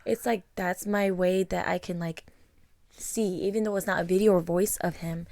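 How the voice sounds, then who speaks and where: A young woman co-hosting a podcast, talking in a soft, reflective way with many fillers. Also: on the low side, fairly even intonation, moderate pace, gravelly, no echo, studio quality. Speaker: podcast co-host. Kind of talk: casual conversation.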